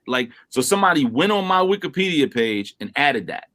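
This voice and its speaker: A man from Brooklyn, a rapper being interviewed over a remote call, telling stories in a casual, animated way and acting out quotes. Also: a little fast. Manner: animated storyteller, acts out quotes with big pitch jumps. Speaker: rapper guest.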